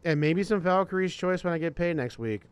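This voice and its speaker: A man's voice: high voice, expressive, fairly quick, clear, resonant tone. A man in casual chat, rambling and swearing as he thinks his opinions through. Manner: rambling, profane, deliberating.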